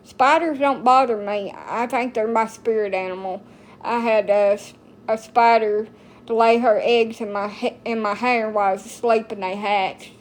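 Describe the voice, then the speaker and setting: A woman's voice: fairly high pitch, fairly even intonation, normal speed, a little mellow, slight background noise. A woman in her thirties from the United States, chatting casually to her viewers in a blunt, rambling way full of folksy slang. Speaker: TikTok streamer. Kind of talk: casual chat to camera.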